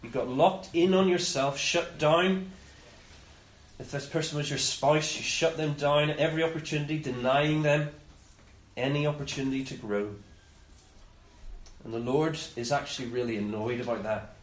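A man preaching a conversational sermon, often voicing the master's words in quick asides. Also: a little high, steady tone. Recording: roomy echo with faint ambience.

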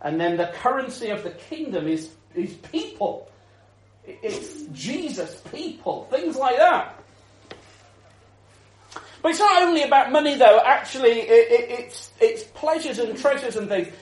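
An animated male preacher with a high-pitched voice, telling the story with chuckles and many restarts. His sermon rings out in a roomy, echoing space. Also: measured pace.

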